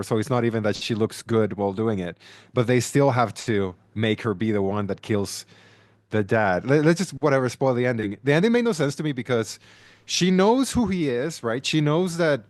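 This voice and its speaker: A man's voice: mid-range voice, dry recording. A man in casual podcast chat, ranting animatedly about a film and often restarting his sentences.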